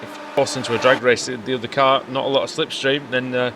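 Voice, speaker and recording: A man commentates a sim race live in a chatty, rambling way, full of fillers and asides. His voice sits at an ordinary middle pitch. Race car engines are clearly heard behind him. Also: little pitch movement, fast, background noise.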